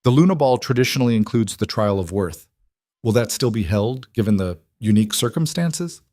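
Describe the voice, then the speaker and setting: A man's voice: fairly low pitch, animated, fairly quick, a little mellow, no room sound, studio quality, lightly acted. A man voicing a sly older female wolf alpha who mocks and probes a newcomer. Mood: mocking. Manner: sly, mocking.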